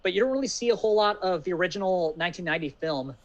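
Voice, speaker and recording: A man's voice: high voice, animated, rapid-fire. A man co-hosting a casual podcast, chatting with enthusiasm and many fillers. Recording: dull lo-fi audio.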